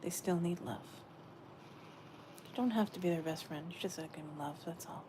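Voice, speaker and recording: A woman giving a gentle, meandering spiritual message she says she is channeling, often repeating her phrases. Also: on the low side, brisk, slight background noise.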